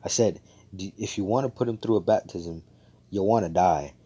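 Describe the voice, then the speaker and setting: A man voicing a gruff, blunt male captain who speaks in a profane deadpan. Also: deep voice, moderate pace, dull audio.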